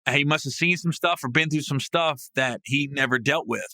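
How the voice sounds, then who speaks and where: A man with a bright, forceful voice that sits fairly high, telling a story on his podcast. He is casual and swears freely, and he keeps jumping up into loud, laughing peaks. The sound is dry and close, with no room around it. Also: moderate pace, no echo. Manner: animated, swings into loud, high laughing outbursts. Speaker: podcast host. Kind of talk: comedic storytelling monologue. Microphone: podcast mic.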